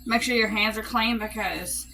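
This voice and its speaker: A home cooking vlogger from Alabama talks casually through a cook-along in her kitchen, explaining every step to viewers in a Southern US accent. Her voice is fairly high, steady, bright and pushed, at normal speed. Soft music plays behind her on a low-quality recording.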